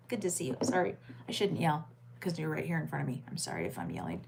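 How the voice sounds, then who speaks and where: Woman streamer, bouncy pitch, greets chat and reads crime headlines from home. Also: lively intonation, moderate pace, fairly bright tone, slightly rough. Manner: chatty, greets viewers by name, reads headlines aloud. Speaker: livestream host. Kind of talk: late-night crime news livestream chat.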